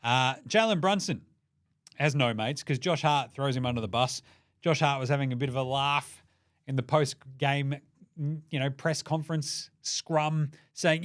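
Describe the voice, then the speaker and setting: A man with an Australian accent hosting a sports show, excitable and sweary, cracking jokes. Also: mid-range voice, a little slow. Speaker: podcast host. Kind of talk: energetic sports commentary.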